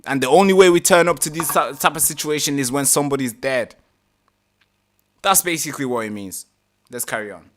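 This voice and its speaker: A man hosting a live reaction stream, talking casually, animated and exasperated, swearing freely. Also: medium pitch, a little fast, slight background noise.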